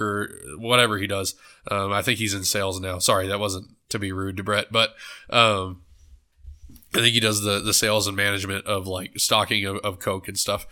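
A man hosts a book club podcast alone, chatting casually about a book with a stuffed-up nose, rambling, correcting himself often, and joking as he goes. His voice is on the low side, fairly even in intonation, and bright and forceful, at a normal speed.

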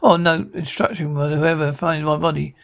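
An actor playing a haunted, sarcastic police detective in a TV drama, with a dry manner. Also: male voice, fairly high pitch, level tone, moderate pace, gravelly, a bit bright. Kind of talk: TV drama acting.

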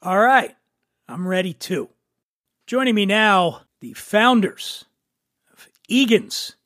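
A man's voice: sits high, very animated, takes it slowly, fairly bright tone, no echo, clean studio sound. A man hosting a podcast in a loose, jokey, rambling way, mocking himself as he introduces his guests. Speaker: podcast host. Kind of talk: casual podcast talk.

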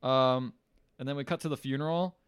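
A man co-hosting a casual movie recap, laughing and mimicking the characters in low mumbled voices. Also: fairly even intonation, a little fast, clear, resonant tone, no echo, studio quality. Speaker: podcast co-host recapping a movie. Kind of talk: casual chat.

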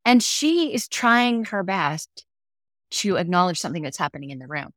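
A woman's voice: lowish voice, expressive, normal speed, no room sound, studio quality. Reflective middle-aged woman telling stories. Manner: reflective, acts out quoted dialogue. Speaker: podcast guest. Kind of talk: conversational interview storytelling.

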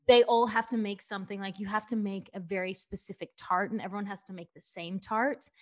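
A woman chats about television in a loose, rambling way, full of "like" and "you know". She sounds a little worn out, and her voice sits at a middle pitch. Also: a little fast. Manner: chatty, animated, lots of "like" and "you know". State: tired. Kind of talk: casual chat.

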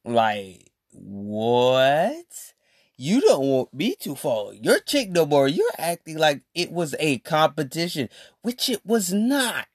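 A man's voice: a little high, wildly swooping pitch, slow pace, dry recording, studio quality. A man hosting a podcast, telling a story to his listeners in a rambling, slang-filled casual monologue. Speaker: podcast host.

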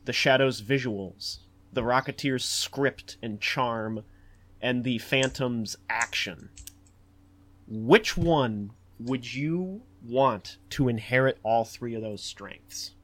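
Guy hosting a movie podcast, lots of uhs and likes, restarts his sentences, gets lively when he gets into it. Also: mid-range voice, takes it slowly, a little hiss or hum. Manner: rambling, many fillers and restarts; animated, acts out quotes in a raised voice. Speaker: podcast host. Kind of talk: casual film discussion.

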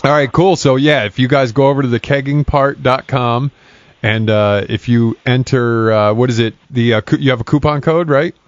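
A man's voice: mid-range voice, normal speed, no room sound, highs cut off. A man hosting a casual podcast, chatty and laughing often, swearing casually. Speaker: podcast host.

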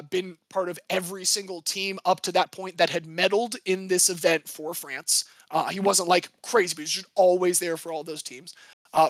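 A man with a fairly high voice co-hosts a casual sports history podcast, talking in a rambling, jokey way and correcting himself as he goes. The sound is dry and close, with no room around it. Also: fairly bright tone, no echo. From United States. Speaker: podcast co-host.

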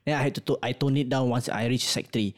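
A young man with a Singaporean English accent, co-hosting a podcast and telling stories in a casual, animated way, swearing freely. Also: mid-range voice, fast. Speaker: podcast co-host. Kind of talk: casual storytelling chat.

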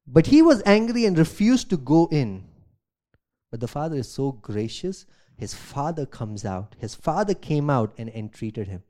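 A man, a pastor, preaching a sermon, reading scripture aloud and asking rhetorical questions, swinging from loud emphasis to quiet asides. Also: fairly high pitch, very animated, unhurried. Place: church.

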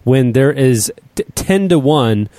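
A man's voice: medium pitch, lively intonation, takes it slowly, dark tone, no room sound. A man hosting a casual chat, teasing his guest and laughing often. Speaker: host.

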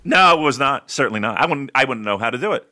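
A man's voice: mid-range voice, animated, fast, pushed and bright. A man hosting a casual podcast chat, loose and joking, who swears freely and laughs often. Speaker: podcast host.

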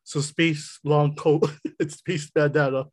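A man narrating a tabletop game as game master, with a voice a little higher than most men's. He laughs often and trips over his words before pressing on with the scene. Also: flat delivery, slow pace, slightly rough. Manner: laughs often, restarts lines.

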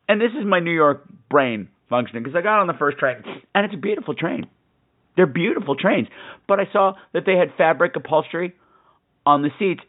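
A man's voice: a little high, narrow, tinny audio. A man hosting a podcast, telling a travel story in a chatty way with sarcastic asides. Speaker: podcast host. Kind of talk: casual storytelling monologue.

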